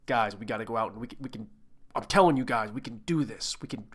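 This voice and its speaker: A man doing a hushed, mumbling tough-guy impression. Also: fairly low pitch, fast talker, slightly rough, pitched below the performer's own voice. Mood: pumped-up. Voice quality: hushed, half-whispered mumble. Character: mumbling intense male actor, hushed pep talk.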